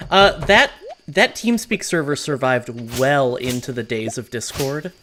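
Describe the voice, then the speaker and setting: A woman hosting a stream, chatting casually about a game and pausing often with ums and uhs. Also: extremely low pitch, expressive, a bit bright. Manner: hesitant, filler-heavy, storytelling. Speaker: streamer host. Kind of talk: casual gameplay chat. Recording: noisy stream audio.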